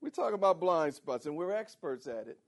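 A man preaching a sermon as pastor, animated and calling on the congregation for responses. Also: on the high side, moderate pace. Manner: animated, calls for audience responses.

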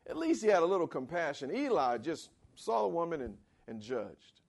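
A man preaching a sermon in a conversational style, asking for amens and swinging between loud and quiet. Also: sing-song, moderate pace, vocal fry. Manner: dramatic swings in pitch and volume. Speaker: pastor.

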